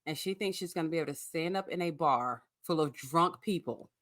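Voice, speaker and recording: A woman's voice: sits low, fairly quick, fairly bright tone, no room sound, clean studio sound. A woman co-hosting a casual podcast, blunt and swearing freely, often laughing. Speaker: podcast co-host. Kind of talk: casual chat.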